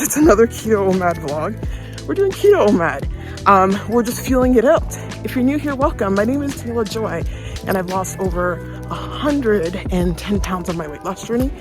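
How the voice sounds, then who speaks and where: A chatty woman vlogs into a phone she holds while out walking her dog. She is slightly out of breath and keeps breaking off to call to the dog. Her pitch sits mid-range for a woman, and faint music plays behind her. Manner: chatty, talks to her dog between sentences. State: a little out of breath. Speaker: vlogger. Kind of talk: casual vlog chat. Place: outdoors on a dog walk.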